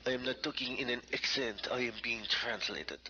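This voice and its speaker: An indignant sketch character, sharp voice. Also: male voice, mid-range voice, moderate pace, a little hiss or hum. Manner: indignant, insulting. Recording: dull lo-fi old clip.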